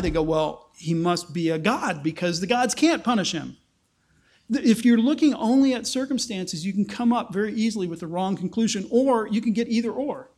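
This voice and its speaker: A man's voice: high voice, darkish tone. A man preaching a conversational sermon, explaining his points informally with fillers and restarts. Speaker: pastor.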